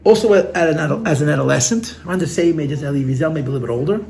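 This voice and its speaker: Earnest rabbi telling heartfelt stories. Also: male voice, a little high, rapid-fire, creaky, warm tone, a little hiss or hum. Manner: earnest, heartfelt storytelling with repeated words; sprinkles in Yiddish and Hebrew terms. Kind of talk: storytelling talk at a gathering. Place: room with listeners.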